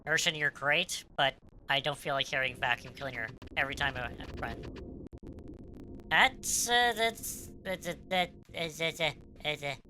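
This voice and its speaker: Low, bright-voiced woman streamer. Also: a little slow, slight background noise, poor audio. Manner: chatty, stumbles and restarts, bursts of loud excitement. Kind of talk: casual let's-play commentary, reading game dialogue aloud.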